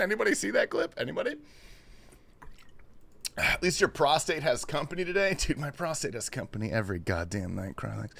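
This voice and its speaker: A livestreamer chats loosely and profanely with his chat while gaming, greeting everyone in bro-talk as brother and dude. His medium-pitched voice is very animated and fairly quick, with vocal fry and a slightly bright tone.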